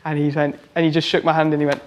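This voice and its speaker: Rambling man, slightly high voice. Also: little pitch movement, rapid-fire, slight background noise. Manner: loose and rambling, full of "like" and restarts. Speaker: tattoo artist and singer. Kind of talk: casual anecdote storytelling.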